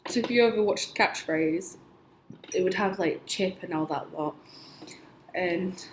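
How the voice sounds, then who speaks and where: A young woman tells her stories in a loose, rambling way, peppering every sentence with "like" and small laughs. Her voice sits a little low for a woman. The room around her is echoey, with a faint hiss underneath. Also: darkish tone. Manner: chatty, rambling, laughs often, lots of "like". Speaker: vlogger. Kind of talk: casual storytelling.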